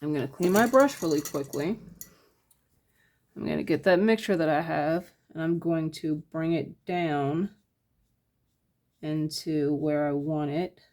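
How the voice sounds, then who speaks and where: A woman giving a casual step-by-step painting tutorial, talking her process through in a relaxed, thinking-aloud way with lots of fillers. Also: sits low, measured pace, pauses often. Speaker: painting instructor.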